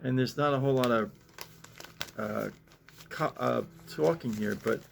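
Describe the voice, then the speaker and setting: Slow, gravelly man chuckling through comics. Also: mid-range voice, a little hiss or hum. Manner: chuckling often, rambling with many fillers. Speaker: host reading comics. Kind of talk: casual chat.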